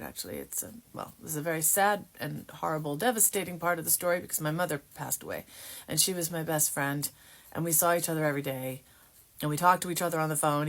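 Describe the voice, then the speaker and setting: Low-voiced woman telling a testimony. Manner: halting, with many fillers and restarts. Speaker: Christian testimony vlogger. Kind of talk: personal testimony.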